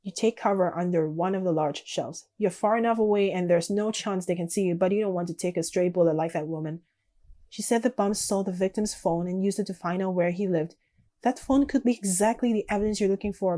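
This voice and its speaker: A woman streaming a text game, reading the story aloud evenly with quiet, casual asides. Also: mid-range voice, fairly quick.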